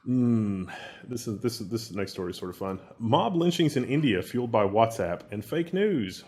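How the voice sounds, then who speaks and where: A man's voice: mid-range voice, big pitch swings, normal speed, a little mellow. A man co-hosting a casual tech news discussion, introducing stories with exasperated, wry asides. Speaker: co-host.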